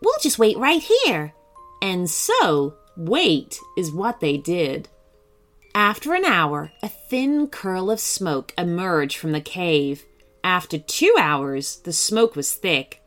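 Woman narrator for kids' stories, slow, lively pitch, light music bed. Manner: expressive, slow and animated. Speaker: storyteller. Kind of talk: children's bedtime story narration.

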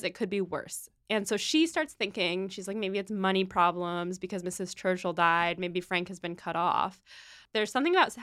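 A woman's voice: mid-range voice, fairly bright tone, dry recording, studio quality. A woman co-hosting a book podcast, casually retelling chapters with playful quoted asides. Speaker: podcast co-host.

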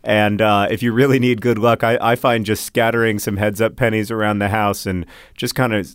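A man's voice: on the low side, level tone, brisk, clean tone, dry recording. A middle-aged American man co-hosting a podcast in casual chat, rambling and self-deprecating with many restarts. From United States. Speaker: podcast co-host.

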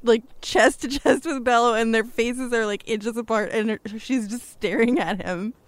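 A woman's voice: on the high side, fairly even intonation, moderate pace, dry recording. A woman narrating her character's actions in a tabletop game, casual and a little hesitant. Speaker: player.

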